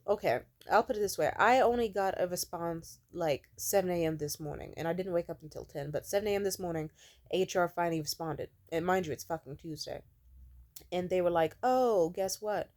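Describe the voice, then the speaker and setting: A young woman in her twenties venting in a profane, sarcastic rant, sometimes mocking other people in a high voice. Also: darkish tone. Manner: profane, sarcastic, exasperated ranting. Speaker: vlogger. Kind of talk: ranting vent vlog.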